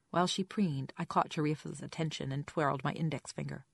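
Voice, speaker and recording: Woman, audiobook narrator, low pitch, dry wry delivery, no room sound. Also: steady tone, fairly quick, creaky, hardly any pauses, husky, no room sound. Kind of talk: scripted first-person narration.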